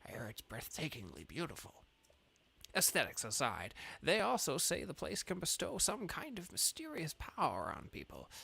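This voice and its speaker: A man's voice: on the high side, huge pitch swings, normal speed, creaky, sharp tone, breathy edge, no echo, exaggerated voice. A man voicing a chatty, friendly male traveling artist who loves gossip. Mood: confiding.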